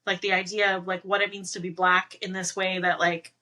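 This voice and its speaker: Bright-voiced woman telling stories animatedly. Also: on the low side, brisk. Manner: animated storytelling, many "like" fillers, laughs often. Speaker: interview guest. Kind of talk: casual podcast interview.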